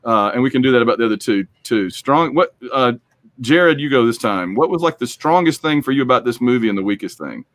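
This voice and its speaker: A man's voice: mid-range voice, lively intonation, brisk, a bit bright, no room sound. A man hosting a podcast, chatting casually and rambling through a movie discussion. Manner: rambling, chatty, acts out quotes. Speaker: podcast host.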